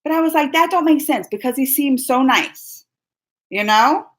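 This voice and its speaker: A young woman hosting a live stream, excitedly retelling a fan encounter in casual chat, full of quoted dialogue and squeals. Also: sits high, moderate pace, rough recording. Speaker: livestream host.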